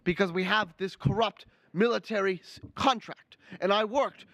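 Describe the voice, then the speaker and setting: A man's voice: high voice, moderate pace, fairly bright tone, no echo. A young man doing a ranting Brooklyn senator. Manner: ranting, finger-wagging, repeats outrage lines. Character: older male senator, indignant, lecturing, Brooklyn-born. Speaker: student livestream presenter. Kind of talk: comic political impression.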